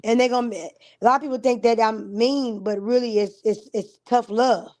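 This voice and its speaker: A woman's voice: fairly high pitch, fairly even intonation, moderate pace, a little mellow, no room sound. A woman hosting a casual livestream chat, blunt and emphatic, swearing freely. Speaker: livestream host.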